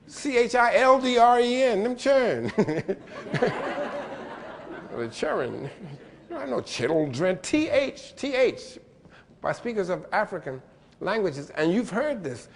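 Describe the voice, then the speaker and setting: Male keynote speaker, lively lecture delivery, pitch leaps up and down, playful mimicry, fairly high voice. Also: measured pace, in a large hall. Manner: animated, playful, spells out letters and mimics pronunciations.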